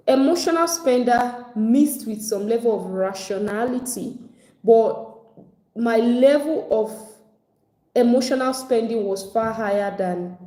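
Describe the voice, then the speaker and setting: Woman, finance coach, live online class, conversational, mellow tone, echoey room. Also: on the high side. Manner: conversational, acts out other people's complaints. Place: home at evening, video call.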